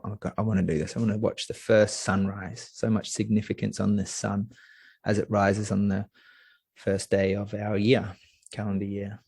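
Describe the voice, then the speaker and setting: A young man tells a story as a podcast guest. His voice sits low and sounds dry and close. He talks eagerly and rambles, dropping plenty of fillers along the way. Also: vocal fry, a little mellow, breathy edge, no room sound. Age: young adult. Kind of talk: casual storytelling.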